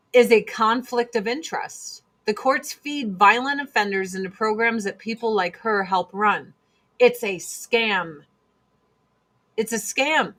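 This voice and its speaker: A woman's voice: fairly high pitch, pushed and bright. A woman hosting a casual monologue chat, blunt and emphatic, repeating her points for force. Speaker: host.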